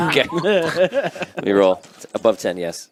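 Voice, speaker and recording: A man narrating quickly as game master of an online tabletop game, over noisy call audio. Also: a little high, sing-song, over a noisy crowd.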